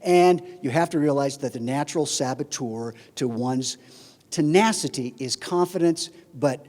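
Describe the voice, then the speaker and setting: A man's voice: medium pitch, normal speed. A man, a flight instructor, giving a humorous speech at a conference, telling comic stories. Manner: animated comic storyteller. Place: conference hall. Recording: reverberant conference hall.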